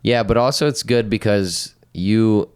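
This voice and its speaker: Low-voiced, teasing podcast co-host man. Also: unhurried, a little mellow, clean tone. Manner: laid-back, teasing, laughs often. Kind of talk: casual comedy chat.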